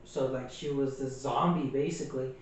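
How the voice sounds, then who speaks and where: A man's voice: mid-range voice, fairly even intonation, moderate pace, heavy reverb, distant mic, a little hiss or hum, low-quality recording. A man co-hosting a casual movie review, recapping the plot in a rambling way with many fillers and restarts. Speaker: podcast co-host.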